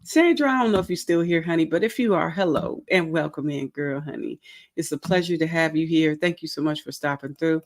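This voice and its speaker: Speaking a little fast in a low-sitting voice, a bubbly, tired woman runs a laid-back crochet stream. She welcomes every viewer warmly and reads out their messages in casual chat, giggling often and teasing herself playfully.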